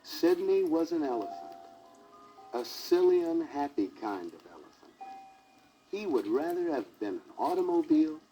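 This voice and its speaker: A man's voice: a little high, wildly swooping pitch, moderate pace, dark tone, faint music behind. A man narrating a children's storybook record, with jokey asides to the listener, on a crackly 1960s vinyl record.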